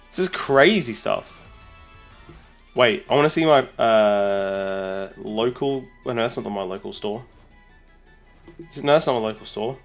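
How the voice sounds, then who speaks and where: Brief: male streamer, mid-pitched, excitable and rambling, casual chat. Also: unhurried, long pauses, soft background music. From Australia. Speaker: streamer and content creator.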